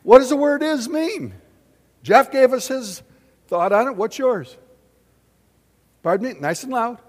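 A male preacher with a high, lively voice delivers a sermon at an unhurried pace. He pulls answers from the crowd and swings between booming declarations and quiet asides. The sound carries the long reverb of a large auditorium. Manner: animated, questioning the audience, big swings in loudness. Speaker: pastor.

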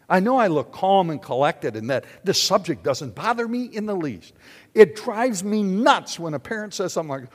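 An older man preaching a sermon in a church, animated and questioning his congregation. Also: high-pitched, a little slow. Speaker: pastor. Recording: long hall reverb.

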